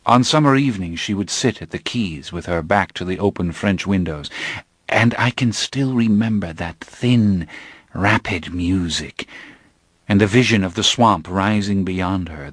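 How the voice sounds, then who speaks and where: A man voicing a calm, brooding centuries-old male vampire, speaking in a measured, grave way. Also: deep voice, dry recording. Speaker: narrator.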